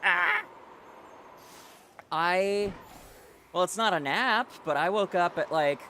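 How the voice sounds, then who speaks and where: Chatty game streamer man, slightly high. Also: a bit bright, slight background noise. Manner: chatty, reads chat aloud, many fillers and restarts. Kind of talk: casual live-stream chat while playing.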